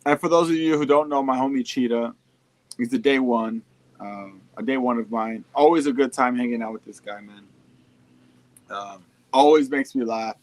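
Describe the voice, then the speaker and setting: A young man talks casually into his stream mic, reading fan shout-outs and riffing in easy, slang-heavy speech with a fair amount of swearing. His voice sits at an ordinary male pitch. The sound is dry and close, with no room echo. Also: moderate pace. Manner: laid-back, slangy, profane, riffing. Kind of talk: casual livestream chat.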